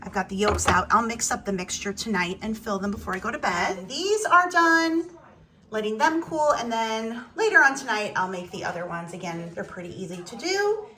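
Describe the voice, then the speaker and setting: Woman vlogger, casual kitchen chatter, animated and somewhat high-pitched. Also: moderate pace. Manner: chatty, talks through chores and to her dogs. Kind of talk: casual home vlog chat. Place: home kitchen.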